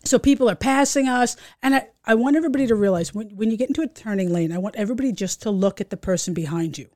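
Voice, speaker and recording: A middle-aged woman, co-hosting a podcast and telling a story in casual chat, animated, swearing and acting out voices. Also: on the high side, racing, no echo, studio quality. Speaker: podcast co-host.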